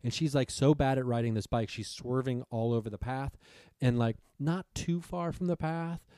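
A man's voice: mid-range voice, moderate pace, mellow, clear, resonant tone, no room sound, clean studio sound. A man telling a long rambling story in casual chat, swearing freely and acting out what people said.

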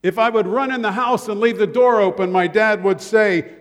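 An older man delivers a sermon with a light, joking storyteller's touch, his voice pitched notably high for a man. A long reverb trails his words through the church sanctuary. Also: moderate pace, few pauses. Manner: humorous storytelling with the congregation. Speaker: pastor.

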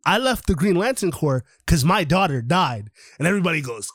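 A man with a slightly high voice, recorded dry and close, retells a story for his podcast over a call. He talks casually and with energy, swears a lot, and jumps into the characters' lines as he goes. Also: moderate pace, few pauses, no echo. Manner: animated, swears freely, acts out characters' lines. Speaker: podcast host. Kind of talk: casual retelling of a comic book plot. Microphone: online call.

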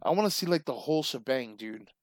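A man co-hosting a casual chat, telling stories in a loose, animated way with plenty of swearing and laughter. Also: mid-range voice, fast, no room sound.

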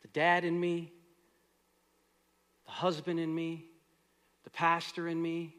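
A middle-aged man preaching a sermon as pastor, moving between loud, earnest exhortation and soft, quiet prayer. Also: fairly high pitch, monotone, slow, smooth.

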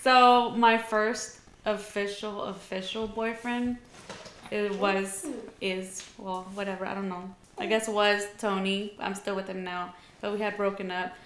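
A young woman guest in casual chat, telling stories softly and trailing off with "whatever.". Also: medium pitch, level tone, unhurried, echoey room, slight background noise. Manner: soft-spoken storyteller, trails off with "whatever". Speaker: podcast guest.

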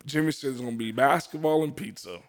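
Young man, casual testimony, earnest storytelling, laughing, mid pitch. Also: fast. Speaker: guest sharing testimony.

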